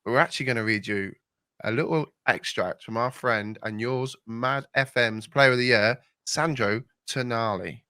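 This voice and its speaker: A man's voice: mid-range voice, normal speed, pushed and bright, clear, resonant tone, dry recording. A man hosting a casual podcast, upbeat and leading the segments. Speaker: podcast host. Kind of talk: casual chat.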